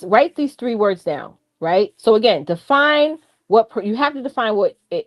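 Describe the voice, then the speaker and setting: A woman co-hosting a live stream, coaching viewers in a chatty, animated way, laughing often and talking straight to the chat. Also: mid-range voice. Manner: drifts off track, repeats key points for emphasis. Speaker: live-stream co-host on branding and AI.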